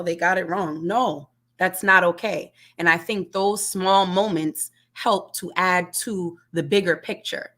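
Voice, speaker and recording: A woman's voice: on the low side, fairly bright tone. A woman, a music teacher, speaking earnestly on a webinar panel over a video call. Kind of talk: panel discussion.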